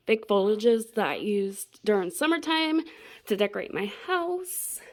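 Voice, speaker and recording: A woman's voice: medium pitch, darkish tone. A young woman giving a rambling, self-deprecating tour of her craft room at home, chatting casually and laughing at herself. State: a bit out of breath. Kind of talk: casual chat.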